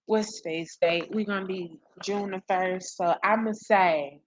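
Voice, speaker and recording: A woman's voice: medium pitch, fairly even intonation, measured pace. A woman hosting casual commentary for her viewers, blunt, profane and exasperated as she gossips. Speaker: commentary channel host.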